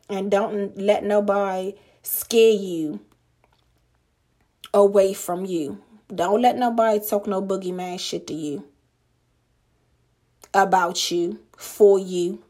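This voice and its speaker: Blunt, profane woman speaking slowly. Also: mid-range voice, fairly even intonation, mellow. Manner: blunt, profane and emphatic, drawing out key words. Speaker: podcast host. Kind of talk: motivational monologue.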